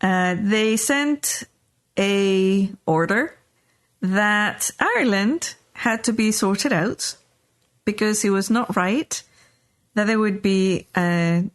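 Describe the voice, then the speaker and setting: A woman's voice: medium pitch, takes it slowly. A middle-aged woman hosting a podcast, telling a personal story in a loose, rambling way with lots of fillers and restarts. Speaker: podcast host. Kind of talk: casual storytelling chat.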